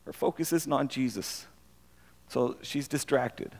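A man preaching a conversational sermon as pastor, animated and given to repeating phrases for emphasis. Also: mid-range voice, a little slow, long reverb tail.

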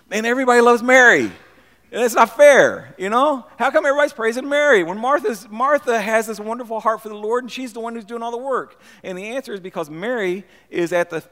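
A man preaching a conversational sermon as pastor, animated and given to repeating phrases for emphasis. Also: high-pitched, long reverb tail.

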